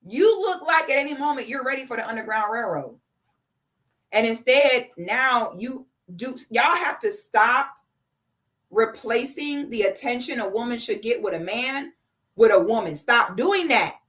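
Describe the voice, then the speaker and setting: A woman's voice: a little high, animated, a little slow, fairly bright tone. A woman in her thirties giving blunt, profane, sarcastic commentary on a live stream. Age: 30s.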